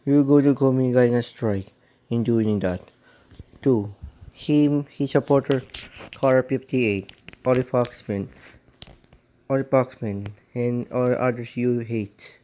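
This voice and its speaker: A man delivers a ranting vlog monologue in a mellow, darker-toned voice at an ordinary pitch. His phrasing is halting and repetitive, and he stumbles and restarts as he airs grievances in an accusing way. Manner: aggrieved, accusing tone. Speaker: vlogger.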